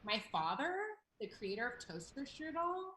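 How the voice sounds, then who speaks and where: A woman comedian chatting casually as a show guest, with dry deadpan jokes. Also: fairly high pitch, moderate pace, slight background noise, poor audio.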